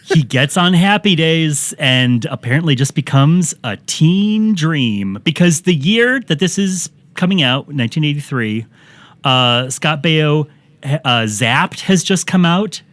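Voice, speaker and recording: A man hosts a podcast, riffing sarcastically and laughing at his own jokes. His speech bounces with lively pitch, sitting a bit high. The recording is dry and close. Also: a little slow, no room sound. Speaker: podcast host. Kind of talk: casual comedic chat.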